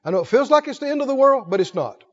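A man preaching a sermon, folksy and animated, swinging from loud calls to low asides. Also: very fast. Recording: dull sound with long hall reverb.

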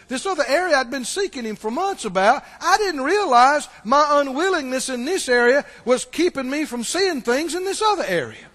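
High-voiced preacher in a reverberant hall. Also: male voice, expressive, fairly quick, hardly any pauses. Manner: storytelling preacher, swings between loud and hushed. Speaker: pastor. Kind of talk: sermon.

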